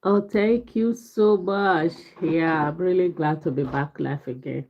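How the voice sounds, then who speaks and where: A woman hosting a casual live stream from home, speaking slowly and greeting viewers one by one, her voice congested from a head cold. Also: low voice, slight background noise. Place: home in Ireland. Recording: tinny phone-like live stream audio.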